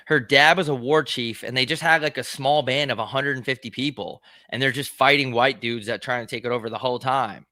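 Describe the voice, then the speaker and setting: A man's voice: medium pitch, a little fast, few pauses, bright, forceful tone, no room sound, studio quality. A young man hosting a casual solo show, riffing aloud in a crude, rambling way with lots of swearing and laughter. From United States. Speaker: podcast host.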